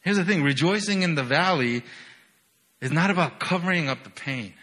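A young man delivers a sermon in a fairly high, bright, forceful voice. He is full of energy and keeps checking in with "right?". He moves between loud bursts and quiet, low passages. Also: normal speed. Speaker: preacher.

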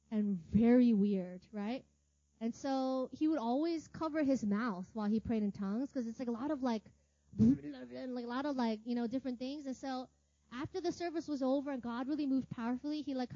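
High, mellow-voiced woman preaching casually. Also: no room sound, lo-fi sound. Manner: chatty, laughs often, lots of filler words and tag questions. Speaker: ministry teacher. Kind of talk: casual sermon storytelling.

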